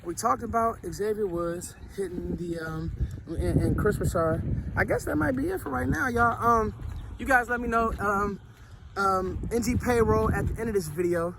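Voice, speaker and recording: Man, high voice, out of breath, animated football vlog talk, faint street noise. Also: moderate pace, vocal fry. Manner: animated, repetitive restarts, slangy. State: out of breath after workout. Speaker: sports vlogger. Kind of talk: casual football commentary vlog.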